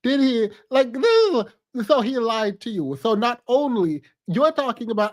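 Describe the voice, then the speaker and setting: High-voiced man giving sarcastic commentary. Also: big pitch swings, unhurried, few pauses. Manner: sarcastic, incredulous, laughs often. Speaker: host. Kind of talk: reaction commentary.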